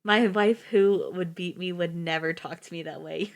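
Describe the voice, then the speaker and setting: A woman's voice: on the low side, fairly even intonation, moderate pace. A woman streamer reading fairy tales aloud, breaking off for joking, swearing asides and stumbling over words. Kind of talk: storybook reading with casual commentary.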